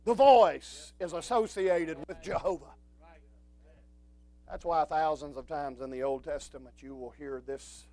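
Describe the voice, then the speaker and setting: A man preaching a sermon, swinging from quiet low talk to shouted, drawn-out preaching.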